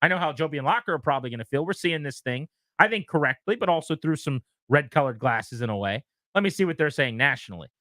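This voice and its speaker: A man's voice: on the high side, expressive, fast, few pauses, bright, forceful tone, no echo, studio quality. A man co-hosting sports talk radio, talking in an exasperated, sarcastic way.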